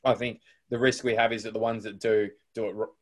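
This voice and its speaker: An Australian man hosts a podcast, chatting in a casual interview style that rambles, full of fillers and restarts. His voice is on the low side, level in tone, and quick.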